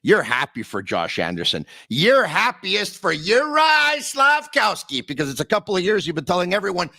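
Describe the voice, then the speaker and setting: A man hosting a hockey podcast, talking with excitable energy and sudden swings in pitch. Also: moderate pace, vocal fry, no echo, studio quality. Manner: excitable, sings and shouts bits, big pitch swings. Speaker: podcast host. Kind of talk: energetic sports talk.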